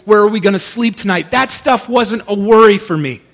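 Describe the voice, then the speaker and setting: A male pastor preaching a sermon in an animated, conversational way, often checking in with his listeners. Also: high-pitched, a little fast.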